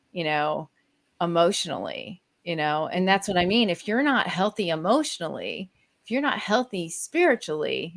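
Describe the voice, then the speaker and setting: Lower-voiced woman musing in casual chat. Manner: reflective, fills talk with "you know". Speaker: podcast co-host. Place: at home with a toddler nearby.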